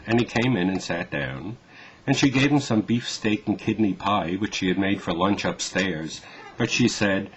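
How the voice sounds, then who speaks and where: Deep-voiced man reading a children's story. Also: muffled recording. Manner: gentle, measured storybook narration.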